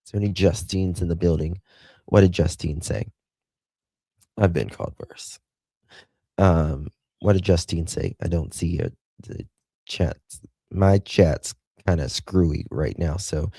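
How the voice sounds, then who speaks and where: A man's voice: deep voice, creaky, dark tone, slightly rough, no room sound. A middle-aged man with a Southern accent hosting a casual livestream, chatting with viewers and calling them honey and darling. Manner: chatty, reads viewers' chat aloud with endearments. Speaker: livestream host.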